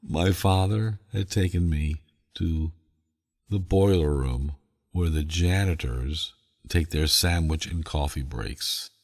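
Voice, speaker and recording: A man's voice: extremely low pitch, slow, in a large hall. A man hosting a sleep podcast, telling a story in a meandering way with chuckles. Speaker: podcast host.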